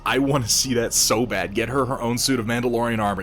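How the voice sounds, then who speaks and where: A man's voice: medium pitch, quick pace, hardly any pauses, a bit bright, soft background music. A man hosting a casual livestream while painting miniatures, rambling, laughing often and swearing freely.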